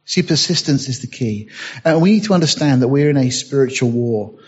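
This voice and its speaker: Husky preacher man, dull lo-fi sound. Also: mid-range voice, expressive, a little fast, darkish tone. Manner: reads scripture aloud, rising to emphatic bursts. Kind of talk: sermon.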